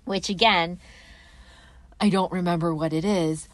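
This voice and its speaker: A woman with a somewhat low voice talks casually on a podcast. She tells stories in a wry, chatty way and drops quick asides. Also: fairly even intonation, a bit bright, no room sound. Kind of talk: casual chat.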